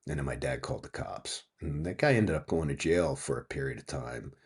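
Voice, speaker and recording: A bass voice, a little fast and slightly rough, comes from a Pennsylvania man in his fifties. Guesting as an author in a laid-back interview, he tells a story animatedly, acting out what people said and swearing a lot.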